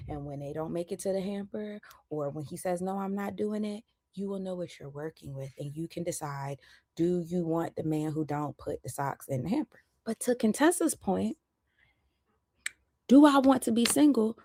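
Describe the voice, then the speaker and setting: A woman in her thirties talks in a casual chat with a lower pitch for her sex and a slangy, emphatic delivery. Her points come in lively bursts. The sound is close and dry, with no room around it. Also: moderate pace, no room sound. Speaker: podcast host.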